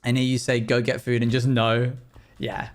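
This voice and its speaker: A man's voice: mid-range voice, monotone, a little hiss or hum. A young man, chatting playfully with his audience while livestreaming a game. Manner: chatty, quick asides and playful exclamations. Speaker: streamer. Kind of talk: live game stream chat.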